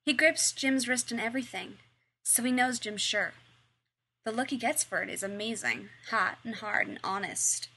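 Bright-voiced woman reading a story aloud. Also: fairly high pitch, moderate pace, breathy edge. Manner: expressive, wry reading. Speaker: reader. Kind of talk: audiobook narration.

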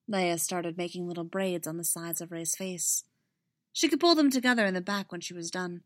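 A woman reading a story aloud in a quiet, measured way. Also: fairly low pitch, no echo, clean studio sound. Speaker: narrator. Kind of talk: audiobook reading.

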